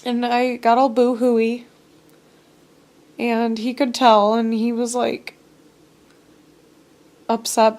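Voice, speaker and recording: A woman's voice: a little high, gravelly, a little mellow. A young woman recounts her day in a loose, rambling way. Her talk is casual and full of fillers and restarts, as if to a friend. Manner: rambling, filler-heavy storytelling. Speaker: vlogger. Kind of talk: casual storytelling chat.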